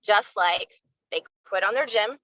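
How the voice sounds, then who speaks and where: A woman's voice: medium pitch, measured pace, bright, forceful tone, dry recording, lo-fi sound. A woman leading her sales team in a candid, fired-up motivational live talk, saying y'all. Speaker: network marketing team leader.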